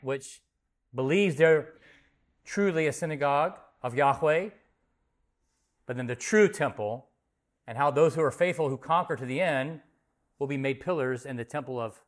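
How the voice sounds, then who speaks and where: A man as pastor, reading scripture, praying, and then teaching a group in a conversational way, asking questions and repeating answers back to them. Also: mid-range voice. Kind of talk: Bible study teaching with prayer.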